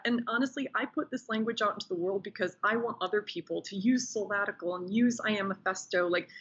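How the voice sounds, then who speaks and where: A woman's voice: mid-range voice, breathy edge, muffled recording. A woman talking as a podcast guest, telling personal stories with enthusiasm in a casual interview. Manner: enthusiastic, animated storyteller.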